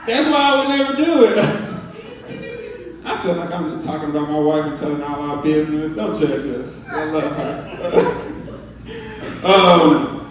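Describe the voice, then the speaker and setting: A young man with a Southern US accent doing a loose, animated stand-up set, asking the crowd questions as he tells stories. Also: a little high, unhurried, long pauses. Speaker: stand-up comedian. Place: live comedy venue with audience. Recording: echoey, distant room mic.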